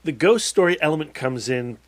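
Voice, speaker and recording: A man's voice: a little high, lively intonation, a little fast. Earnest man chatting on a podcast. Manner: earnest, hesitant starts. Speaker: podcast co-host. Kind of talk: casual film podcast chat.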